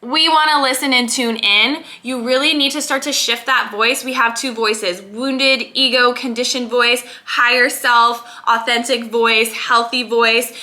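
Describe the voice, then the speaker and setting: Woman, mindset coach, bright tone, emphatic, motivational talk. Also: fairly high pitch, fairly even intonation, a little slow, hardly any pauses. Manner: earnest, emphatic, repeats key words.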